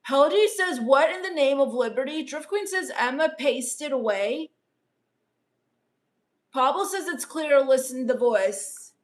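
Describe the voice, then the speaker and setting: High-voiced deadpan gothic valley-girl woman. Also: a little slow. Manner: misanthropic, dismissive. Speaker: comedic livestream host reading chat. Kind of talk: deadpan character comedy livestream.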